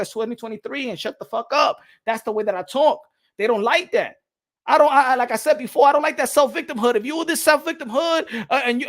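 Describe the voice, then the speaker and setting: A man's voice: very high voice, a bit bright. A man from the Caribbean hosting a boxing channel, ranting bluntly and repetitively, swearing and slipping Spanish phrases into his English. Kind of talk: opinionated rant to camera.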